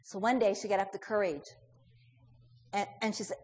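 A woman's voice: mid-range voice, moderate pace, pauses often, big-room sound. A woman preaching a storytelling sermon, asking her listeners many questions and voicing the characters in the story.

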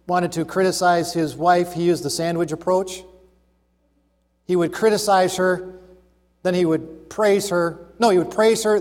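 A man preaching a sermon on marriage, emphatic, working through numbered points and slowing down on key phrases. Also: high voice. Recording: long hall reverb.

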